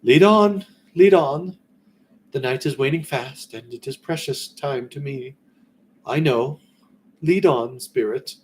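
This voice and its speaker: A man's voice: medium pitch, slow pace, pauses often, a little hiss or hum, pitched above the performer's own voice, natural voice. A man voicing a frightened old miser who pleads earnestly with a ghost, in a raised voice above his own. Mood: urgent. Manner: earnest, fearful, imploring.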